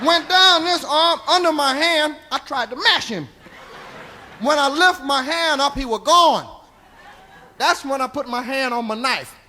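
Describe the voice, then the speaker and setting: A male stand-up comedian telling a profane, rambling tall tale, tagging lines with "see?", going quiet for quoted lines and shouting at the peaks. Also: extremely high pitch, unhurried, a little hiss or hum. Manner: drops to a hushed voice for quoted lines, rises to shouting at the climax. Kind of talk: stand-up storytelling. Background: audience laughter.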